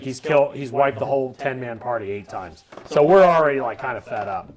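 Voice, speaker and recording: A man co-hosting a live podcast, telling a gaming story with swearing and acted-out shouts from his friends. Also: mid-range voice. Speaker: podcast co-host. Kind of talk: casual storytelling chat.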